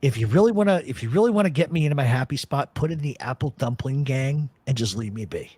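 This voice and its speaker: A talk host who swears freely and wanders from story to story. His husky voice leaps up and down as he talks. He is recorded close and dry, with no room sound. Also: mid-range voice, quick pace, no echo. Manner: profane, rambling, animated storyteller. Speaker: podcast host. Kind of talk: casual chat.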